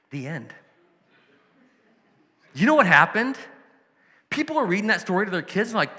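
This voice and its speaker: A man's voice: on the high side, sing-song, moderate pace, bright, forceful tone, long reverb tail. A man preaching a sermon as a pastor, conversational and storytelling, with emphatic asides.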